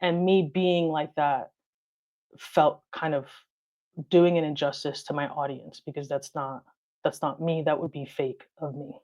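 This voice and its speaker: A woman guest chatting in an interview, talking in a steady, direct way that she calls monotone and thinking aloud with frequent restarts. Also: deep voice, unhurried. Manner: calls her own delivery monotone, straight and direct; reflective, talks things through with frequent restarts. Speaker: guest, car detailing video creator. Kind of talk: casual interview conversation.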